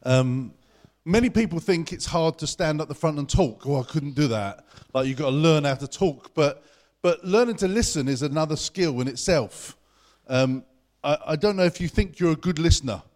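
Young guy preaching in church, quick and chatty, kinda high voice. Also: animated, a little mellow. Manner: chatty and conversational, talks fast. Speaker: pastor. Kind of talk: sermon.

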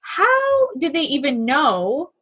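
A woman's voice: high voice, huge pitch swings, slow pace, fairly bright tone. A woman podcast host asking curious, conversational questions. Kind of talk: podcast interview.

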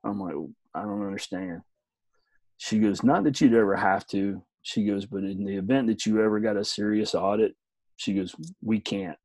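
A man's voice: lowish voice, fairly even intonation, moderate pace, darkish tone, no echo, low-quality recording. A middle-aged man telling a story in casual chat as a podcast co-host, laid-back, swearing, often saying "man".

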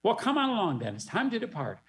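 A cute, cheerful bunny from a children's musical, voiced by a man chirps its lines in a high voice. The rhymes bounce along in a lively lilt. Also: fast talker. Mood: inviting. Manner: bright sing-song rhyming delivery.

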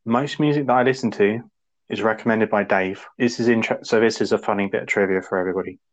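A man co-hosting a podcast, rambling casually and acting out quotes in sudden high voices. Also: steady tone, fast talker, dull audio. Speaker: podcast co-host. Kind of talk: casual chat.

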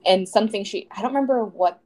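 A woman's voice: mid-range voice, fast, a little mellow. A young woman co-hosting a podcast, chatting casually and rambling with many fillers. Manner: rambling with many likes and restarts. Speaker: podcast co-host. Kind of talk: casual chat.

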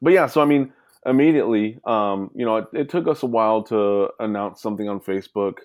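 A man's voice: on the low side, brisk, darkish tone, no room sound. A man being interviewed as a guest, telling a personal story in a rambling, casual way. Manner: rambling, full of "you know" fillers.

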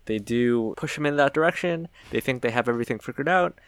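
A man's voice: medium pitch, quick pace, clean tone, no echo. Dry-voiced man with wry asides. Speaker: podcast co-host. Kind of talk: casual episode recap chat.

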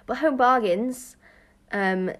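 A teenage girl co-hosting a casual chat podcast, giggly and quick with her asides. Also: a little high, a bit bright. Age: teens.

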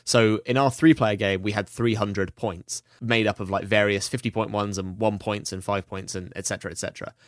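Animated storytelling podcast man. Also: lowish voice, a little fast, hardly any pauses, no room sound, studio quality. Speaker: podcast co-host. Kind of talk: casual podcast chat.

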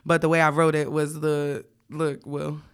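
A woman's voice: sits low, little pitch movement, moderate pace, smooth. A young woman co-hosting a podcast, telling a story bluntly and candidly, often laughing. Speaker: podcast co-host. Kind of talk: casual podcast chat.

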